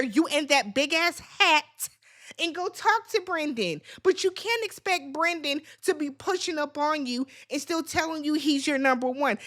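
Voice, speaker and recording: A high-pitched woman talks through a reality TV recap in a loose, chatty way. She is blunt and sassy, and she scolds the people on the show directly. Her voice sits well above most women's. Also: sharp tone.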